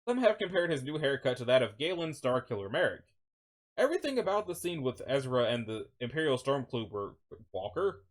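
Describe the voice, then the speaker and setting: A man reading commentary aloud as a video narrator, animated and often stopping to correct himself mid-word. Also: medium pitch, a little fast. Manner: animated, frequent self-corrections.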